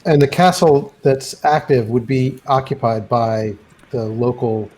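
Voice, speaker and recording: A man playing a tabletop role-playing game, asking measured, thoughtful questions. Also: mid-range voice, darkish tone. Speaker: player. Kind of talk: casual role-play chat.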